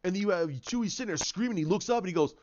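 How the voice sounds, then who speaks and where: A man giving casual commentary on films, rambling and animated, acting out scenes in voices. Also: high voice, racing, lo-fi sound, slight background noise. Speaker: YouTube commentator.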